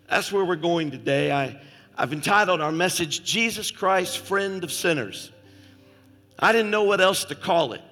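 A man preaching as a visiting minister in a church through a face-worn mic, fervent, rising to shouts and dropping soft. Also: fairly high pitch. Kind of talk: sermon. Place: church sanctuary. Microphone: face-worn headset microphone. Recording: long hall reverb with faint instrument music.

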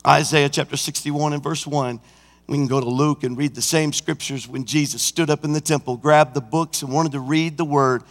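A senior pastor preaching a sermon, swinging from hushed, intimate passages to shouted climaxes, sometimes singing and acting out scenes. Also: male voice, mid-range voice, long reverb tail. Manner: breaks into song and acts out scenes. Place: church sanctuary.

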